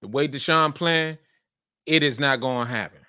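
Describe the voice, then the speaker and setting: A man hosting a sports show talks casually and emphatically about football, repeating his points in a colloquial way. His medium-pitched voice is bright, forceful, clear and resonant at a normal speed, in a dry, clean studio recording.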